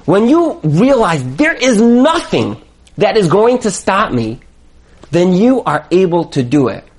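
A man's voice: sits high, very animated, unhurried. A man giving an emphatic motivational talk as a marriage coach, hammering home his points with repetition.

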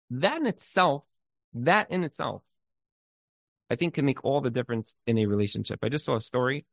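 In a dry recording, a man with a fairly high voice and vocal fry gives relationship advice. His informal talk includes storytelling, and he speaks earnestly and emphatically, repeating words as he thinks and mixing in Hebrew terms.

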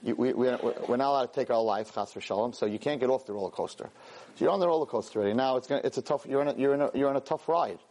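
Animated rabbi telling stories. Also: male voice, mid-range voice, racing. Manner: animated, self-mocking, mixes Hebrew and Yiddish words. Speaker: rabbi and teacher. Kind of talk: Torah class storytelling.

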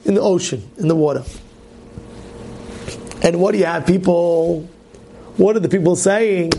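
A man, a rabbi, giving an animated sermon on the weekly portion, asking rhetorical questions and acting out voices of complaining people. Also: moderate pace, long pauses, a little hiss or hum. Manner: animated storytelling, acts out complaining voices in loud high shouts; repetitive, rhetorical questions to the listeners.

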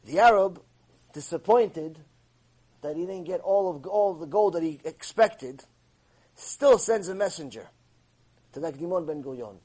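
A man teaching a religious lecture, telling a story in an animated way and acting out its characters. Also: on the high side, measured pace, long pauses, slightly rough, low-quality recording.

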